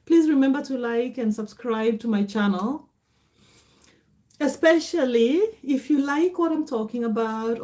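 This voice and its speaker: A woman's voice: on the high side, dark tone. A middle-aged woman with a Kenyan accent, hosting a casual livestream and reading out viewer comments, greeting people by name. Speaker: livestream host.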